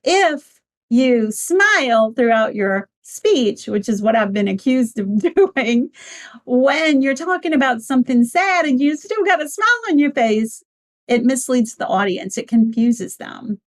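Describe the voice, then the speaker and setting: Woman coaching on public speaking. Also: a little slow. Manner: clear, emphatic, with lively shifts in pitch. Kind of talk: instructional talk on speechwriting.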